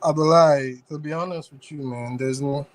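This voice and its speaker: A man's voice: a little high, steady tone, moderate pace. A man co-hosting a fan chat, agreeing in a dismayed tone. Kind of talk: casual chat. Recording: noisy recording.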